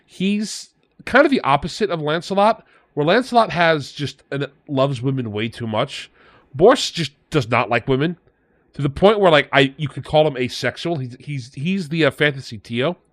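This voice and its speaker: Man, slightly high voice, animated storyteller, casual podcast chat. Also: moderate pace, no room sound. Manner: animated storyteller acting out characters' lines. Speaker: podcast co-host. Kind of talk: casual chat, retelling legends.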